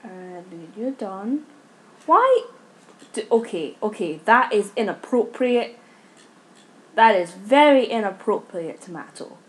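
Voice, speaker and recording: A young gaming YouTuber gives casual Let's Play commentary on a life-sim game, her medium-pitched voice unhurried. She scolds her characters in exasperation.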